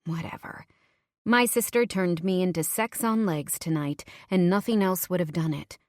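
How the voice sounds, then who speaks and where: A woman reading a first-person audiobook in a measured, low-key way. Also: a little mellow, no room sound, studio quality. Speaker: audiobook narrator.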